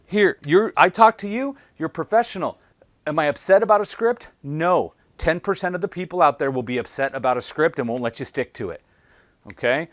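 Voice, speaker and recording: Slightly fast and with a voice on the high side, a man leads a sales training session. He asks punchy rhetorical questions and animatedly plays out scenes between callers and salespeople, with no echo on the audio.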